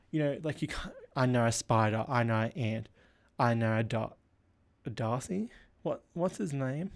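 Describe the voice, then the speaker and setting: Rambling young man. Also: mid-range voice. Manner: rambling, heavy with filler words. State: unwell with a headache. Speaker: podcast host. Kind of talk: solo casual chat.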